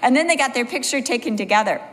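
A woman's voice: on the high side, animated, quick pace, a bit bright. A woman teaching a Bible study in an earnest way, building points through emphatic repetition. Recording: long hall reverb.

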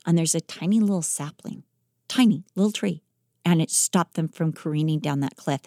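A woman podcast host telling a life story in a lively, dramatic way, acting out the quoted lines. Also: sits low, normal speed, dry recording, studio quality. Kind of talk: animated storytelling.

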